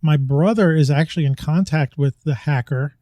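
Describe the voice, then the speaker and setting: A man's voice: a little high, moderate pace, dark tone, no echo. A middle-aged man co-hosting a podcast in casual chat, rambling and chatty and often laughing as he talks. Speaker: podcast co-host. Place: home, New York.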